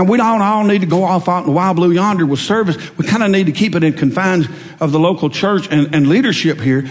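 Pastor preaching in a reverberant sanctuary. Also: male voice, sits high. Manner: folksy storytelling, conversational, rising emphatic peaks. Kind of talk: sermon. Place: church sanctuary. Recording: long hall reverb.

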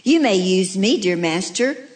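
A sturdy carved wooden bowl with fussy preferences, as a woman reads its lines. The reading is slow and plain. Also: mid-range voice, animated, natural voice.

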